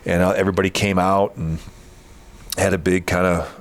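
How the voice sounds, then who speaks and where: A man with a very low voice tells a long personal story on a fitness podcast. He talks casually and earnestly, circling back and restarting his sentences as he goes. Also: level tone, brisk. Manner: earnest, rambling, with frequent restarts. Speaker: podcast host.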